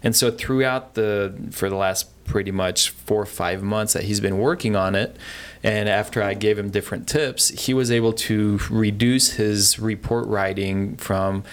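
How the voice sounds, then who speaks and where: A man's voice: lowish voice, fairly even intonation, moderate pace, clear, resonant tone. A man, a home inspector, talking as a guest in a radio interview in an easygoing, plainspoken way. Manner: easygoing, plainspoken, brief replies.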